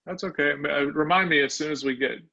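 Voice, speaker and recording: A man's voice: a little high, fast talker, creaky, bright, forceful tone. A male instructor teaching a live online class, sounding out words syllable by syllable. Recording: dull lo-fi online call audio.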